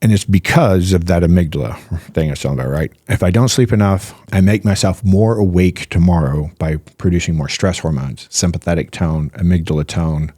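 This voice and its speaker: A man's voice: low voice, a little fast, dry recording, clean studio sound. A man appearing as a physician guest on a podcast, talking casually and eagerly, stacking rhetorical questions and "right?" checks as he explains. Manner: animated, piles up rhetorical questions and "right?" tags.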